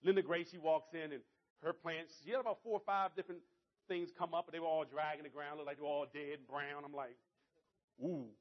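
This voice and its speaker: A man giving a motivational speech to an audience, telling a story in an animated, conversational way. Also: on the high side, fast talker, dull audio. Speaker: motivational speaker.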